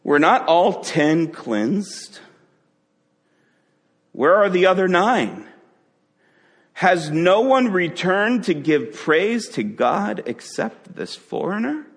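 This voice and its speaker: Jesus, exasperated and questioning, played by a male preacher, raised pitch, reverberant hall. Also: big pitch swings, slow, long pauses, breathy edge, heavily acted. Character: Jesus, puzzled and aggravated teacher.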